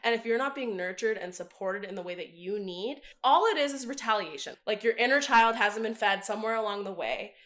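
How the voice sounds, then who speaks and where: A woman's voice: mid-range voice, animated, brisk, few pauses, fairly bright tone. A woman counselor giving candid, conversational interview answers, often saying "like".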